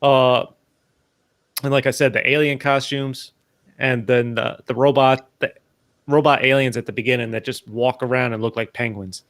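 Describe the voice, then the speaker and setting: A man's voice: mid-range voice, fairly even intonation, moderate pace, a bit bright, no echo. A man in his thirties co-hosting a casual movie review chat, rambling with many restarts. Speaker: podcast co-host.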